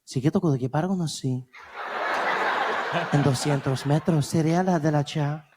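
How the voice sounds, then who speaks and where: A man's voice: high voice, fairly even intonation, takes it slowly, heavy background noise, voice pushed up. A comedian putting on a seductive female GPS voice speaking mock Spanish in a stand-up routine.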